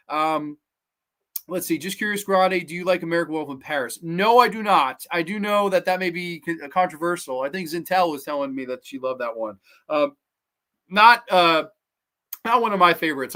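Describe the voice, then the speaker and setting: A man's voice: on the high side, pushed and bright. A man in his thirties hosting a horror movie podcast, chatting casually on a livestream and reading viewer comments in an enthusiastic, rambling way. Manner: enthusiastic, rambling, repeats words, swears casually.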